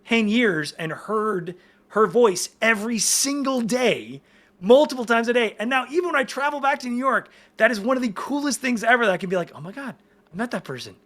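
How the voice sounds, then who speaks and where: Guy in his 40s guesting on a podcast, bright punchy voice, rambly excited storyteller, lots of restarts. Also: very high voice, normal speed. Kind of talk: casual chat.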